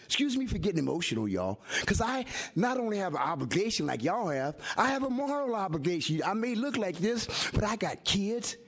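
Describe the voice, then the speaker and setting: A man's voice: high-pitched, sing-song, fairly quick, few pauses. An older man and community activist giving fiery public comment at a city hearing, emphatic and rhyming like a preacher. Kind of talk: impassioned public testimony.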